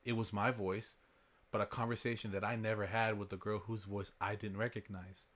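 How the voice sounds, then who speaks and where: A man's voice: lowish voice, flat delivery, brisk, fairly bright tone. A man hosting a podcast, reading listener stories aloud in a casual way. He swears freely and laughs as he goes.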